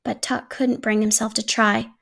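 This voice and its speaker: A woman reads a children's picture book aloud, gentle and even in her telling. Her voice sits a little high with a steady gravelly fry. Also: moderate pace. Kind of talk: storybook read-aloud.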